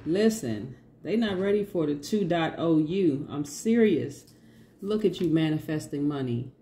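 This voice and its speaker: A woman's voice: low-pitched, expressive, a little slow, warm tone, slight background noise. A woman giving a casual tarot reading, chatty and emphatic, repeating her points and laughing often. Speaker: tarot reader.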